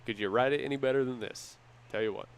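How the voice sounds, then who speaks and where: A man doing live play-by-play commentary for a baseball game with energetic, measured play-calling. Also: mid-range voice, clear, resonant tone. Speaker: play-by-play announcer.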